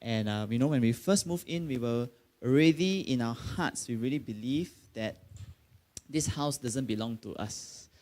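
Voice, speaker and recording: A man's voice: mid-range voice, moderate pace, a little mellow. A middle-aged man with a Malaysian English accent, preaching a sermon in a conversational way, with many fillers and sudden emphatic bursts. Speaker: pastor.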